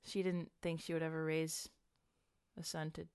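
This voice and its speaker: A woman's voice: deep voice, little pitch movement, normal speed, a little mellow, clear, resonant tone, no room sound, studio quality. A woman casually narrating an improvised hypothetical scenario to a friend, quoting the characters in it. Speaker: host posing a hypothetical.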